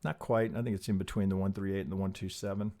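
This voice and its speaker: A man giving casual, animated market chart analysis, talking to himself as he draws. He interrupts himself often, restarts sentences and swears casually. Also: sits low, quick pace. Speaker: trading analyst.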